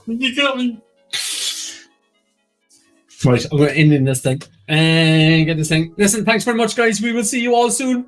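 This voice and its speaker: Male quiz host, slightly high voice, light music in the background, brisk and jokey. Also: lively intonation, fairly bright tone. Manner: reads out standings briskly, jokes with co-host. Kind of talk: casual live-stream chat.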